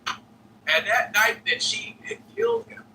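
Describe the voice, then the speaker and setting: High, wildly animated male storyteller. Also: slow pace, far from the mic, rough recording. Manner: profane, acts out other people's voices. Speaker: comedian telling a story. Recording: played podcast clip, voice off-mic with faint noise.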